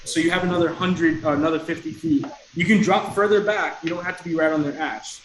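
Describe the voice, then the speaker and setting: Echoey game master narrating the action. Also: male voice, fairly high pitch, steady tone, fast talker. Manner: walks through actions step by step.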